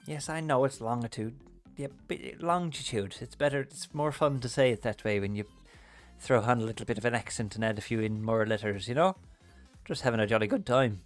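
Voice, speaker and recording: A man's voice: medium pitch, a little fast, soft background music. A young man hosting a livestream, chatting casually with viewers and reading their comments aloud with a playful, joking manner. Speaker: livestream host. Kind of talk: casual chat with live viewers.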